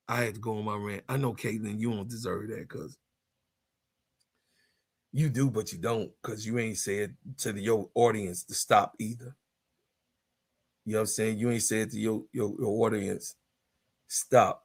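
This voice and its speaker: Gravelly, heated man in his fifties. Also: on the low side. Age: 50s. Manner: animated, heated, laughing, swearing freely. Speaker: sports vlogger. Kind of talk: casual ranting commentary.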